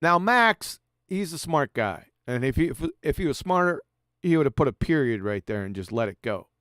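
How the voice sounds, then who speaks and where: A man's voice: on the high side, sing-song, moderate pace, a bit bright, no room sound, clean studio sound. A man giving a mocking, profane presentation over slides, sarcastically addressing an absent author as he goes. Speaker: video presenter.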